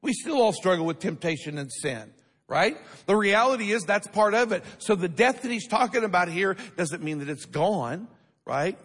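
A man's voice: sits high, lively intonation, moderate pace, fairly bright tone, big-room sound. A man pastor preaching a sermon to a church congregation, emphatic and asking the crowd questions for responses. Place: church sanctuary.

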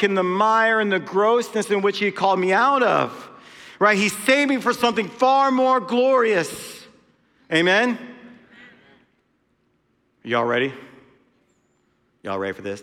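A man's voice: sits high, pushed and bright. A man preaching a sermon in a church hall, telling a story with lots of casual asides. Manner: conversational storytelling with frequent asides. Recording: long hall reverb.

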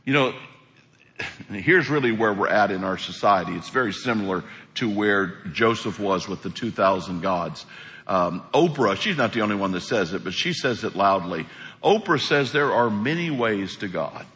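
Animated preacher man in an echoey hall. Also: on the low side, normal speed. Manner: animated preaching with acted-out quotes. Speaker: pastor. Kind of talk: sermon.

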